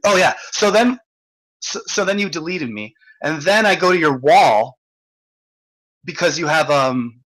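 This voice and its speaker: A man's voice: fairly high pitch, sharp tone, rough recording. A man hosting an online hangout, ranting in casual chat, swearing and restarting often. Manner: profane, ranting, stammering restarts. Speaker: host.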